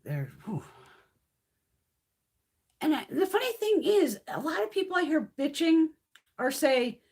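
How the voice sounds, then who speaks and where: Her pitch sits high and sing-song, a little mellow and creaky, and she keeps a measured pace. She's a woman in her fifties hosting an informal beauty livestream at home in a mountain area, swearing constantly as she rants bluntly.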